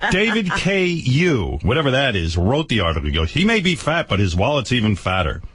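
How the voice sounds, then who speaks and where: A man's voice: mid-range voice, wildly swooping pitch, fairly quick, a bit bright, breathy edge. An older man hosting a radio show, ranting with profane sarcasm and stammered repeats. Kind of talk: angry on-air rant. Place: radio studio.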